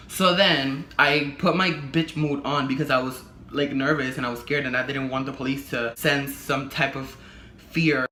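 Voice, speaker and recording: Young man telling a brash story in an echoey room. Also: medium pitch. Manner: animated, profane storytelling that acts out other people's lines. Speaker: vlogger. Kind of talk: casual storytime vlog. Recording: echoey room with faint background hum.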